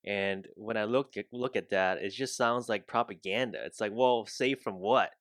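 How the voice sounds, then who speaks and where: A man talking as a podcast guest, blunt and quick to laugh, with some swearing. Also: fairly low pitch, fairly bright tone, no echo, clean studio sound. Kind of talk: casual conversational podcast.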